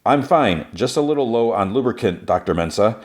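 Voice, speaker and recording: A man voicing a dry, deadpan male security android who speaks in a flat, matter-of-fact way. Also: on the low side, brisk, voice pushed up, lightly acted.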